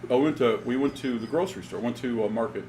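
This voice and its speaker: A man's voice: mid-range voice, fast talker, slight background noise. A man co-hosting a casual chat, telling a funny story with lots of laughter and acted-out dialogue. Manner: animated storyteller, laughs often, acts out dialogue. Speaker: podcast co-host.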